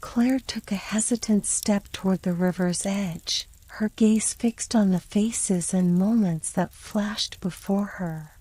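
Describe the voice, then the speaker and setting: A woman narrating a bedtime story in a soft, soothing whisper. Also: mid-range voice, no room sound, rough recording. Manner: slow and soothing.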